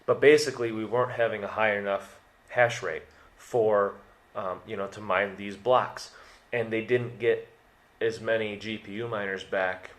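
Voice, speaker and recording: A man's voice: on the low side, steady tone, moderate pace. A young man hosting a casual crypto update video, rambling and correcting himself as he goes, with jokey asides and a case of the hiccups. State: has the hiccups.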